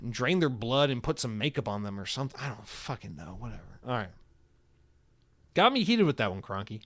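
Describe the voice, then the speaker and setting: A young man hosting a solo podcast, telling a story in a profane, excitable rant with sudden loud outbursts. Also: medium pitch. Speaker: podcast host.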